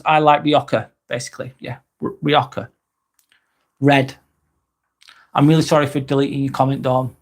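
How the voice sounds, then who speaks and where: A man hosting a live vlog, talking casually and reading out viewer comments, with lots of ums and some swearing. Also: a little high. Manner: relaxed and chatty, with frequent ums and casual swearing.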